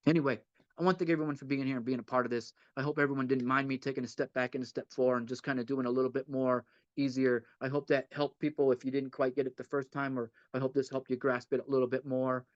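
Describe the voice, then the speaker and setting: A man's voice: mid-range voice, flat delivery, fast, no room sound, highs cut off. A man leading a twelve-step study session in an informal teaching style, earnest and repetitive, often checking in with a rhetorical "right?". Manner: earnest, repeats points, asks rhetorical "right?".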